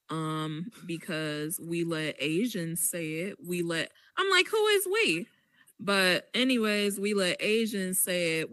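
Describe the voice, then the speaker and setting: A woman hosts a casual podcast chat and tells her story slowly, with a bright, clear, smooth voice. She stresses her points with animation. The sound is dry and close. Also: on the low side, dry recording. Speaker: podcast host.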